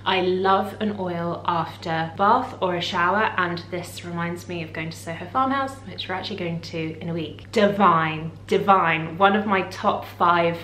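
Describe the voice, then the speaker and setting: A woman's voice: fairly low pitch, moderate pace, few pauses, fairly bright tone. A woman chatting casually for a lifestyle vlog, effusive and gushing about what she loves. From United Kingdom. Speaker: lifestyle vlogger. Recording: roomy with faint hum.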